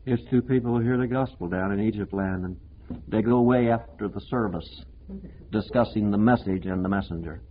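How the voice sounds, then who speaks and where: A man preaching a sermon with passion, moving from emphatic declarations to hushed, low-spoken lines. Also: fairly quick, a little hiss or hum. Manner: impassioned preaching, swinging between emphatic and hushed. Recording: tinny lo-fi phone-like recording.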